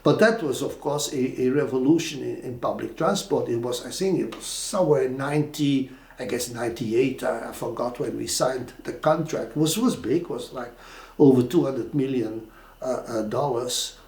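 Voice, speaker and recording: Older Flemish-accented male storyteller, animated and rambling, in a roomy reverberant room. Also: medium pitch, moderate pace. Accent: Flemish Belgian. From Belgium. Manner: animated, with frequent fillers and restarts. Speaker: interviewee. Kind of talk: anecdotal storytelling. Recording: roomy echo.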